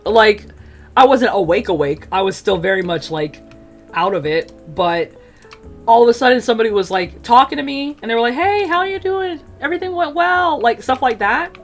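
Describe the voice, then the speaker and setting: A woman chatting casually as she tells a personal story, full of fillers, acting out quotes in an animated way. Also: medium pitch, normal speed, faint music behind. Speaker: streamer telling a personal story.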